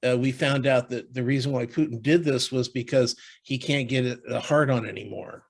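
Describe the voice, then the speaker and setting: A man in easy podcast chatter who trips over his own words, restarting sentences and filling gaps with "uh" and "you know." His voice sits at an ordinary middle pitch, and he sounds like he is thinking out loud with a friend. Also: fairly even intonation. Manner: halting, many restarts and fillers. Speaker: podcast co-host. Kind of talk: casual chat.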